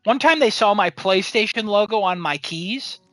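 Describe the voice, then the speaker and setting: A young man chats on his podcast with a bright, forceful voice that often rises when he gets worked up. He rambles and swears freely as he tells jokey stories. The sound is dry and close, with no room around it. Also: sits high, animated, moderate pace, dry recording, faint music behind. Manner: rambling, profane, jokey storytelling. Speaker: podcast host. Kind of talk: casual chat.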